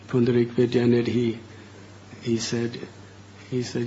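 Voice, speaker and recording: Slow-spoken male preacher telling a story. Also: lowish voice, lo-fi sound, a little hiss or hum. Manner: animated, laughs while telling story. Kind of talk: sermon storytelling.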